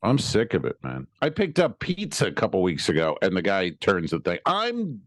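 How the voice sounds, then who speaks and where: A man's voice: low voice, huge pitch swings, normal speed, dry recording, studio quality. A middle-aged man co-hosting a comedy podcast, complaining in an exasperated, sardonic way. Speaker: podcast co-host. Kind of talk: casual comedy podcast banter.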